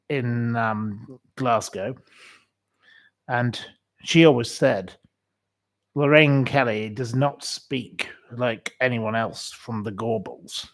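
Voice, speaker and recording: A man hosting a casual solo livestream, reading out viewer greetings and giving rambling, opinionated views with lots of pauses and restarts. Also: mid-range voice.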